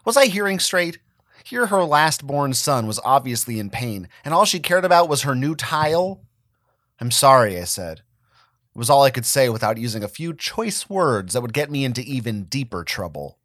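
A man giving a dramatic reading of a first-person story, expressive and wry. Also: medium pitch, moderate pace, dry recording, clean studio sound. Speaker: reader of a fan story.

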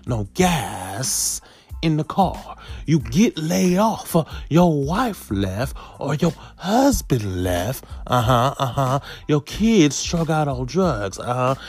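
A man putting on a slow, rhythmic preacher's voice during a comedy routine. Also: fairly high pitch, darkish tone, husky, voice pushed up, heavily acted. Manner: slow drawn-out preaching cadence. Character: male preacher in the pulpit.

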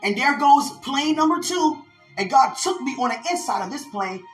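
A woman preaches with fervent conviction, calling out to listeners as she recounts a vision. Her voice sits a little high and rings in an echoey room. Faint music plays underneath. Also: lively intonation, normal speed. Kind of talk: prophetic sermon.

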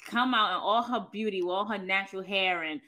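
A woman's voice: mid-range voice, fairly quick, pushed and bright. A woman co-hosting a podcast, chatting casually with many fillers. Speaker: podcast co-host. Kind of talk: casual chat.

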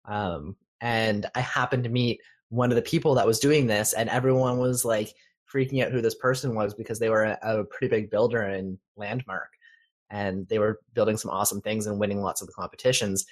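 A man from Canada co-hosting a podcast, telling an anecdote in a relaxed, easygoing way. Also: lowish voice, fairly quick. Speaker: podcast co-host. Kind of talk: casual chat.

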